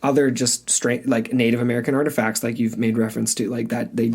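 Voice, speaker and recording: A man co-hosting a podcast, his voice slightly husky and grainy. He chats casually and teases his co-host, often restarting his sentences as he thinks aloud. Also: medium pitch, flat delivery, fast talker, darkish tone. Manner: teasing, restarts often, talks things through aloud. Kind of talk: casual chat.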